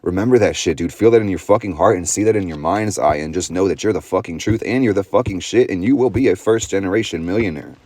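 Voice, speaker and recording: A man's voice: low voice, fast, hardly any pauses, darkish tone, dry recording. A young man in a profane, intense motivational astrology monologue, full of slang and swearing. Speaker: astrology vlogger.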